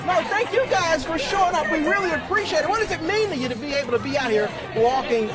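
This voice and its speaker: Male field reporter, high lively voice, winded, on a noisy outdoor street. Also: fast talker. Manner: breathless, upbeat while walking. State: out of breath. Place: outdoor street among a walking crowd. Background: cheering crowd.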